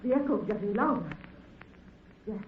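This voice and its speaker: An actress playing an excitable, frightened young woman who pleads breathlessly, in 1930s radio drama style. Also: mid-range voice, moderate pace, phone-quality sound, lightly acted. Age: young adult. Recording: scratchy, echoey 1930s radio broadcast.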